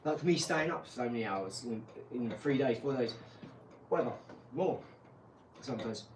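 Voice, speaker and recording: A man's voice: medium pitch, animated, moderate pace, a little hiss or hum. A man hosting a live stream, chatting casually to viewers and telling stories, calling them mate and geezer. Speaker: livestream host. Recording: echoey room, mic at a distance.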